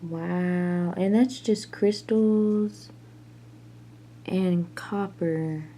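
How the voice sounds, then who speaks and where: A woman chats casually to the camera at an unhurried, drawn-out pace. She rambles and makes fun of herself with little jokes along the way. A faint background hiss sits under her voice. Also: on the low side, dark tone. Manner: rambling and self-mocking, jokey. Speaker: vlogger. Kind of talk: casual chat.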